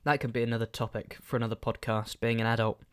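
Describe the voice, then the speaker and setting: A young man talks casually on his own podcast, wandering from thought to thought and sometimes losing the thread. His voice is clear and smooth, at an ordinary middle pitch. He is chatty and pokes fun at himself. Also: flat delivery, fast talker, fairly bright tone. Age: young adult. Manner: rambling, trails off mid-thought; chatty, self-deprecating. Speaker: solo podcast host. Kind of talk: casual solo podcast chat.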